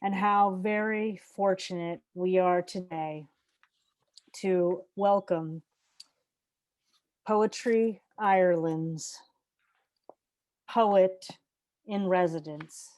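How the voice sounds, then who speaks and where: Woman host introducing poets, super slow and careful, dry close sound. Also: lowish voice, steady tone, no echo. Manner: slow, measured and warm-worded. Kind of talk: formal spoken introductions.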